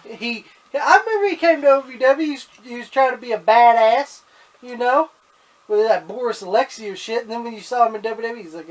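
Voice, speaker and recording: A man with a notably high voice co-hosts a casual wrestling talk show. He rants bluntly and swears heavily. The tone stays loose and opinionated. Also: brisk. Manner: blunt, heavy swearing, ranting. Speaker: podcast co-host.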